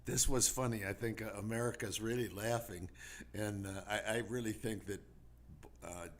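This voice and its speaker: A man's voice: lowish voice, steady tone. A man hosting a political talk radio show, chuckling often and repeating himself as he talks. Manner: chuckling, halting, repeats words.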